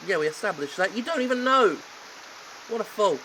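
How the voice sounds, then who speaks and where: A man with a bright, somewhat high voice, cracking sardonic jokes over a game. His asides are theatrical, with a faint hum of noise behind him. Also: lively intonation, brisk, poor audio. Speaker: game commentator. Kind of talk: let's play commentary.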